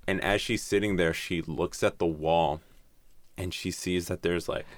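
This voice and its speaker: A man's voice: deep voice, fairly even intonation, a little slow, no room sound. A man casually retelling a horror story, rambling and swearing, with lots of "like". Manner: rambling, profane, heavy use of "like".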